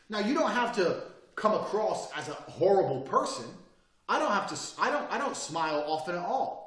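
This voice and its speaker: A man's voice: sits high, animated, brisk, a bit bright. A man teaching a recorded course in a swaggering, boastful and profane manner. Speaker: course instructor. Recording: roomy echo, mic set far off.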